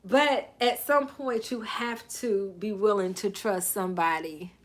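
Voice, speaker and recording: At a measured pace and in a mid-range voice, the Southern-accented life coach reads a book aloud to her live stream audience. Between passages she welcomes viewers by name and drifts into playful, sing-song asides.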